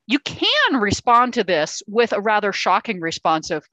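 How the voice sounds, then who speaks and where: Her pitch is fairly high and swings widely, her speed normal with hardly any pauses, and her tone a bit bright. This woman is delivering an informal, example-filled lecture on verbal self-defense in a meeting hall, describing techniques and voicing sample lines as other people, with fillers and restarts. There's no room sound, and the highs are cut off.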